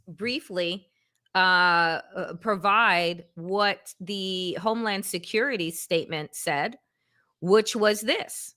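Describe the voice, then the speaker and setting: Slow bright-voiced woman host. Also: medium pitch, expressive. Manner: measured, deliberate, reads statements aloud then presses the point. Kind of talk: political commentary.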